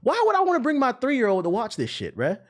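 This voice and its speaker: A man's voice: very high-pitched, huge pitch swings, fast. A young man streamer ranting in casual, profane commentary, now and then mocking voices.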